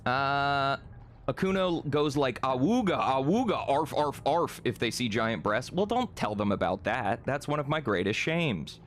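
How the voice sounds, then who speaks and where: A man's voice: mid-range voice, very animated, unhurried, fairly bright tone, slight background noise. A young man chatting casually on a live stream, reading chat, rambling, laughing often and swearing freely.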